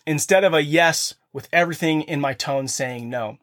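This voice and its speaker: A man's voice: a little high, moderate pace, fairly bright tone. A man in his thirties or forties hosting a podcast for fathers, giving an earnest motivational talk from his home office and speaking straight to the listeners. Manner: earnest, addresses listeners directly. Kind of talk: motivational monologue.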